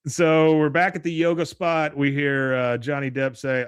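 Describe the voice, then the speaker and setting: A man's voice: a little high, little pitch movement, moderate pace, clear, resonant tone, no echo, studio quality. A man hosting a podcast, animatedly recapping a cartoon episode and quoting its characters with laughs. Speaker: podcast host.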